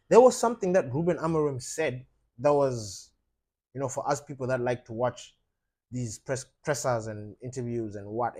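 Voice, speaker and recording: A man hosting a fan channel, talking passionately about his football club and addressing viewers directly, with lots of fillers and emphatic outbursts. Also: medium pitch. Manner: impassioned, rising to loud emphatic outbursts, frequent fillers.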